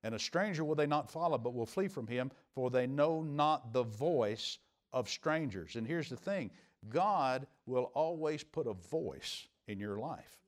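A middle-aged man preaching as pastor in a church, building to emphatic peaks and dropping to quiet, confiding asides. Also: medium pitch, expressive, measured pace. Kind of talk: sermon. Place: church sanctuary.

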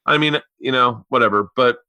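A man in his forties tells a family story on his podcast, and his voice comes through bright and forceful. The sound is close and dry, with no room around it, and he jumps into the voices of the people in his tale. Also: mid-range voice, normal speed, no room sound. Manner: animated storyteller who acts out quoted voices. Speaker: podcast host. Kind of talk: casual chat, storytelling.

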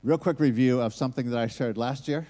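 A man's voice: medium pitch, a little fast, warm tone. American man preaching in a reverberant hall. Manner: earnest, builds to emphatic preaching. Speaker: guest preacher. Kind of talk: sermon with prayer.

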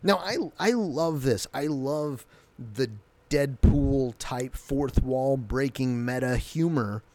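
A man's voice: mid-range voice, takes it slowly, darkish tone. A man giving a casual, enthusiastic recap of a TV episode, loosely retelling scenes. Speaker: show recap host.

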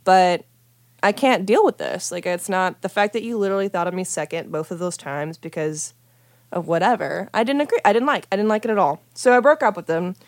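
Low-voiced young woman, chatty and profane. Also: brisk, dry recording, studio quality. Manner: chatty, profane, heavy use of "like" fillers. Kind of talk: casual storytelling chat.

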